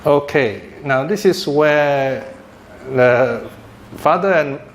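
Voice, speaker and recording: A man and Buddhist teacher telling a religious story in a talk, with lively chuckling asides. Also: a little high, extremely slow. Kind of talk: sermon-style storytelling talk. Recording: echoey room with faint noise.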